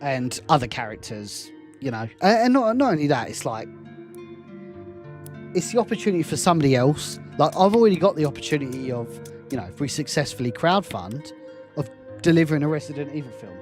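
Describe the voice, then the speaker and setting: A man's voice: a little high, sing-song, fairly quick, a little mellow, soft background music. A young man giving rambling, self-deprecating commentary while playing a game, laughing often. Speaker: fan film director and game streamer. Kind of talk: casual gameplay commentary.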